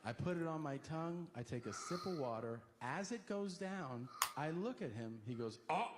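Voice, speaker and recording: A man's voice: on the high side, expressive, normal speed, noisy background. A man doing stand-up, telling a story and acting out both sides of the conversation. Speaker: stand-up comedian. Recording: live stage set with audience laughter.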